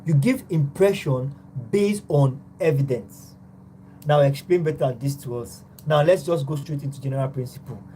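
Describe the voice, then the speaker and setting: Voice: mid-range voice, normal speed, dark tone, a little hiss or hum, poor audio. A tutor gives an online psychology class, explaining step by step and opening many points with "now".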